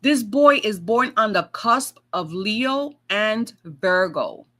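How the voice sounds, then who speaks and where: A woman's voice: medium pitch, animated, takes it slowly, bright, forceful tone. A woman talking to her viewers as a tarot and astrology vlogger, in a chatty rambling monologue where she swears freely and acts out her own past remarks.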